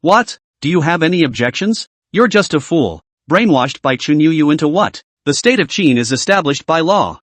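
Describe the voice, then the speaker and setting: A cocky young prince sneers and taunts his elders with scorn, voiced by a man. The voice sits a little high and swings widely in pitch. The sound is dry and close. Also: dry recording. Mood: taunting. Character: brash arrogant young male prince.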